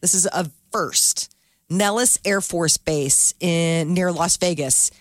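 A woman's voice: lowish voice, takes it slowly, no room sound, studio quality. A woman co-hosting a morning radio show, reading news items in casual banter and laughing easily.

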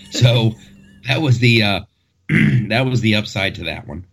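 A man's voice: fairly low pitch, expressive, a little slow, fairly bright tone, a little hiss or hum. A man hosting a podcast in casual chat, rambling and joking as he talks through the news. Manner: rambling, joking, many restarts. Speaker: podcast host.

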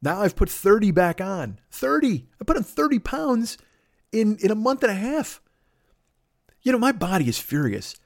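A high-voiced man in his fifties with vocal fry speaks at a moderate pace in clean, echo-free studio sound. As a podcast host, he gives a rambling, crude comic monologue, animatedly told.

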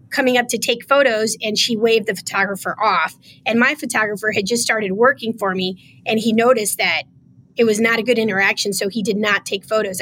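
Emotional and animated, this podcast guest, a state official, recounts a story in conversation and performs the dialogue she quotes. Her voice is mid-range, with slight background noise behind it.

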